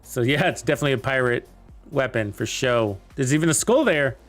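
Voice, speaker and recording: A man's voice: medium pitch, expressive, brisk, faint music behind. A young man giving casual, rambling commentary while playing a video game, chatting to his viewers with lots of fillers. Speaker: game streamer.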